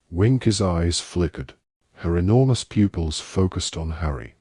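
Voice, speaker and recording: A man narrating an audiobook in a measured, steady way. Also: low-pitched, slightly rough, no echo, clean studio sound. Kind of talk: scripted narration.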